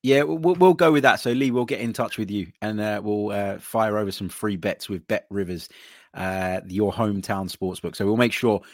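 A man's voice: lowish voice, moderate pace, no echo, studio quality. A man hosting a betting podcast, reading out listener entries in an easygoing way. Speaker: podcast host.

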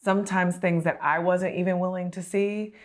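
A woman host with a somewhat low voice tells a personal story. She talks in a loose, conversational way, often laughing, stopping mid-sentence and starting over. She sounds like someone in her thirties chatting openly with a guest. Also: normal speed. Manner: animated, laughing, frequent fillers and restarts. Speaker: podcast host.

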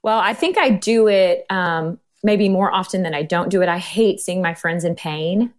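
A woman's voice: on the low side, moderate pace. A woman guest on a podcast, talking in a reflective, earnest way and now and then playfully acting out quotes. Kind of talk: casual interview chat.

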